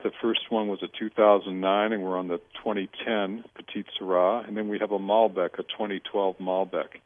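A middle-aged man, a guest on a radio interview, chatting in a relaxed way and telling lively stories, acting out the lines of other people. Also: fairly low pitch, no room sound. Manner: storytelling, animated, quotes others in dialogue; many fillers and restarts. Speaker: winery owner, guest. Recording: tinny phone-line radio audio.

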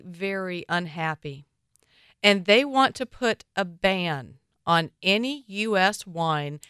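A woman's voice: fairly low pitch, bright, forceful tone, clean tone, no echo. A woman giving casual, opinionated wine commentary with punchy asides, recorded on a close mic.

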